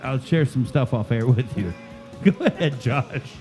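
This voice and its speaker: A man's voice: medium pitch, expressive, measured pace, darkish tone, soft background music. A man hosting a casual podcast chat, telling stories with lots of swearing and laughter. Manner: profane, laughing storyteller. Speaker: podcast host, chef and teacher.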